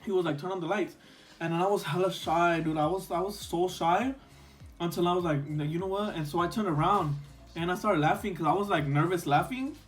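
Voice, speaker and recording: Young guy with a high voice just rambling a storytime, tons of "like", faint music behind. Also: brisk. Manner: rambling, lots of "like" and restarts, slips into Spanish. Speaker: vlogger. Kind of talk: casual storytime chat while eating.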